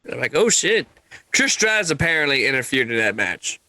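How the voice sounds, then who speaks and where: A man co-hosting a podcast, chatting casually about wrestling in an emphatic, animated way and swearing freely. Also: medium pitch, quick pace, no room sound. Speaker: podcast co-host.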